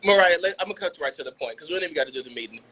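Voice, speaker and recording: A man's voice: on the high side, lively intonation, racing, a crowd in the background, lightly acted, low-quality recording. A man playing a blunt, condescending music mogul who talks down to a pop star. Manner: condescending, cuts to the point.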